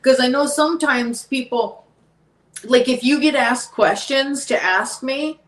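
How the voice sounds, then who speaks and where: A woman's voice: sits high, measured pace, fairly bright tone. A woman talking as a guest on a podcast, emphatic and heated, repeating her points. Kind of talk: casual podcast chat. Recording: echoey room, distant from mic.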